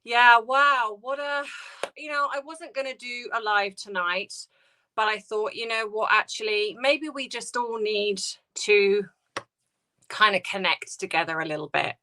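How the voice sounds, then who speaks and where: Tearful woman, slow and bright. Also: on the high side. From United Kingdom. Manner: tearful, halting, greeting viewers by name. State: grieving, close to tears. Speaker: livestream host. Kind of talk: emotional casual livestream chat.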